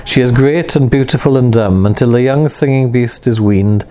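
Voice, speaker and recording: A man reading aloud the lines of an ancient spirit who rules a world, in a stately, unhurried way. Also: medium pitch, dark tone, natural voice. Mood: explaining.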